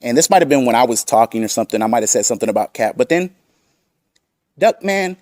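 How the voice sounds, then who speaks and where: A man's voice: medium pitch, expressive, quick pace, a little mellow, no room sound, studio quality. A man hosting a commentary channel, combative and profane as he reads out and mocks chat messages. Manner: combative, swearing, reads chat quotes aloud.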